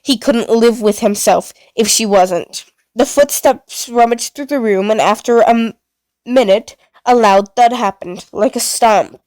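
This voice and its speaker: Brief: woman storyteller, fairly high voice, smooth and dry, steady reading. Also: a little slow, no room sound. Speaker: narrator.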